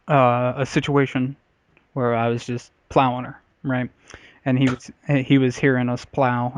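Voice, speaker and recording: A man's voice: medium pitch, darkish tone. A man co-hosting a casual comedy podcast, telling a story bluntly and profanely with lots of uhs and likes. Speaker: podcast co-host. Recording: slightly dull podcast audio.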